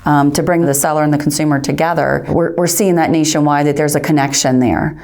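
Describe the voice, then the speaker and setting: A woman speaking in a documentary interview about women in farming, in a measured, explanatory way. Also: low voice, steady tone, a little mellow.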